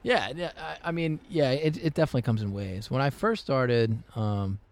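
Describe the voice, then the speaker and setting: A man chatting easily as a musician guest, telling stories with lots of fillers and quick laughs. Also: medium pitch. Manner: easygoing, laughs often, many fillers and restarts. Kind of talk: casual interview chat.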